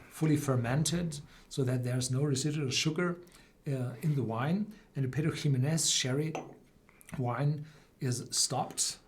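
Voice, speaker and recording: A man hosting a live whisky tasting, explaining slowly with many fillers and restarts. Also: mid-range voice, slight background noise. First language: German. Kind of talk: live-stream tasting chat.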